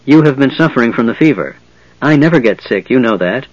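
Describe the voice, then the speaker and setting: A young chieftain's daughter speaks calmly and with quiet command, as a man reads her. Audiobook dialogue in his own easy voice, with dull, dry sound. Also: medium pitch, fairly quick, dry recording, natural voice. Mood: tender. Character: proud young chieftain's daughter, calm and gentle. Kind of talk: audiobook character voice.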